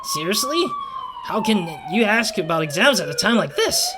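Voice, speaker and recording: A man's voice: high voice, normal speed, voice pushed up. A man voicing an anxious teenage classmate, using a put-on accent. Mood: indignant. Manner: put-on accent, excited delivery. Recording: siren noise behind voice.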